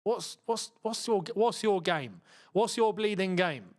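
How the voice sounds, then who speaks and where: A young man with a London accent hosting a live football watchalong, chatting excitably and muttering to himself as he fiddles with the screen. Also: high-pitched, measured pace. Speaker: football channel host.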